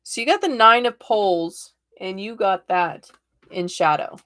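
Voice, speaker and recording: A woman's voice: mid-range voice, expressive, a little slow, a bit bright. A woman reading tarot cards on a live stream, chatty and reassuring, often checking in with "okay?" and laughing easily.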